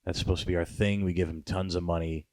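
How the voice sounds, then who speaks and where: A man's voice: sits low, little pitch movement, quick pace, darkish tone, no room sound, studio quality. A man hosting a podcast, chatting in a rambling, sarcastic way and swearing often. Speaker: podcast host. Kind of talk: casual podcast chat.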